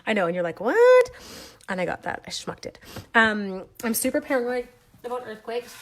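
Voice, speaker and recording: A woman's voice: fairly high pitch, fairly bright tone. A middle-aged woman giving a chatty live craft demonstration from her home craft room, greeting viewers as she works. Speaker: stamping demonstrator.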